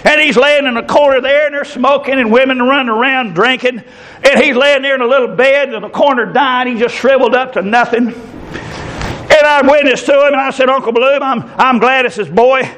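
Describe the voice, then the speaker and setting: A man preaching a fervent revival sermon, stretching key words and breaking into shouts. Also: very high voice, rough recording. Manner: fervent, drawn-out emphatic delivery with sudden shouts.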